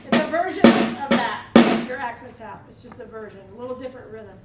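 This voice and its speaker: A woman leading a percussion clinic for students in a school hall, energetic, asking the room questions and demonstrating. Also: a little high, brisk, over loud music. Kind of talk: teaching a drum clinic to students. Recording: echoey hall, mic at a distance, drumming behind.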